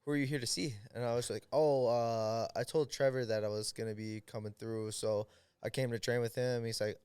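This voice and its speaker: An American man, a podcast guest, telling a story in casual chat, animated, acting out the people he quotes. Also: lowish voice, moderate pace, clear, resonant tone, dry recording. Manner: animated, quotes people in lively voices, many fillers.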